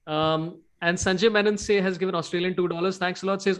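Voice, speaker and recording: A man's voice: sits high, brisk, few pauses, fairly bright tone. A man hosting a casual cricket chat show, talking in a loose, rambling way with many fillers and restarts. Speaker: podcast host.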